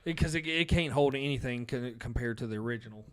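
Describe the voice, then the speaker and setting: Laid-back podcast guy, smooth resonant voice, rambles with lots of uhs. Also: medium pitch, fast talker. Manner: relaxed, rambling with fillers. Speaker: podcast co-host. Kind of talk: casual chat.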